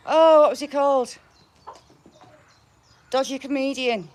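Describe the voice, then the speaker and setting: A chatty woman talks to her viewers outdoors while she feeds her hens. Her voice sits a little high, she sounds affectionate, and she laughs easily. Chickens cluck and a rooster calls behind her. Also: takes it slowly, long pauses. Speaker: livestream host feeding her chickens. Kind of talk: casual live chat with viewers.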